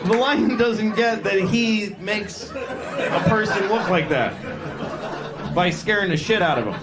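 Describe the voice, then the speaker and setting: A man's voice: sits high, a little slow, over a noisy crowd. A man performing a stand-up comedy set in a club, rambling and interrupting himself. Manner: rambling, self-interrupting, acting out voices. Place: comedy club stage with audience. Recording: noisy live club recording.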